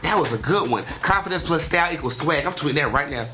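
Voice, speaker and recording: A young adult radio host talks fast in a medium-pitched voice, delivering a chatty, animated solo monologue. She keeps tacking "okay?" and "honey" onto her sentences, with background noise behind her.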